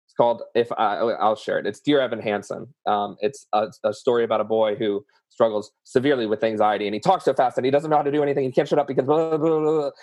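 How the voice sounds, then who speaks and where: A man's voice: lowish voice, fairly even intonation, fast, a little mellow, no room sound. A man with a Southern US accent, speaking earnestly and emotionally as a guest, sharing vivid personal examples. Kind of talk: candid conversation about emotions.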